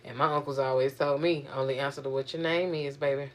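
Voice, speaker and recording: A young woman vlogging, venting in a profane, animated, exasperated way. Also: rumbling low, quick pace. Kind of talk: casual venting monologue.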